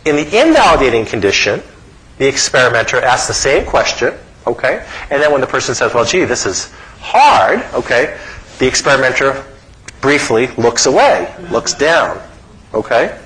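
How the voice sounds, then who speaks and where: A middle-aged man giving a psychology lecture in an animated way, often pausing to ask his listeners "okay?". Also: mid-range voice, poor audio. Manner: animated, frequent "okay?" check-ins.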